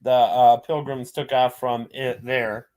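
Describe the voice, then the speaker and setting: A man's voice: mid-range voice, little pitch movement, slow pace, a little mellow. Easygoing man chatting casually. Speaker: co-host. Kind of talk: casual chat.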